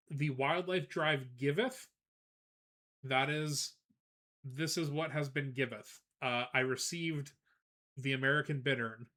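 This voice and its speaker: A man streaming live, chatting casually and telling a rambling, animated story with frequent laughs, greeting viewers as he goes. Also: mid-range voice. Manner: greets chat viewers between anecdotes.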